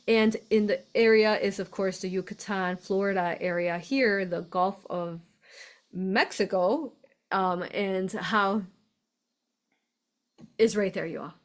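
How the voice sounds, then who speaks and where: A woman from the United States hosts a spiritual live stream in a loose, chatty way. She gushes, laughs often and keeps saying fillers as she talks her viewers through images on her screen. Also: mid-range voice. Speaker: host of a spiritual live show. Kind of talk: casual live-stream talk.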